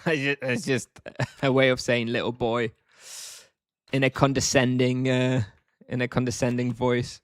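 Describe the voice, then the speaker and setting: A man talks casually to his chat while he plays, wry and offhand. His voice sits at an ordinary middle pitch. The sound is dry and close, with no room echo. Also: flat delivery, measured pace. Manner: wry, offhand, answers chat between moves. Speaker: game streamer. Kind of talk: casual live-stream chat while gaming.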